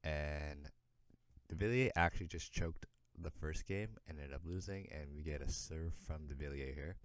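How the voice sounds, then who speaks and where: A man hosting a casual sports recap, chatty, voicing the players' reactions in quick asides. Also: extremely low pitch, clean tone, dry recording. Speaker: host, sports commentator.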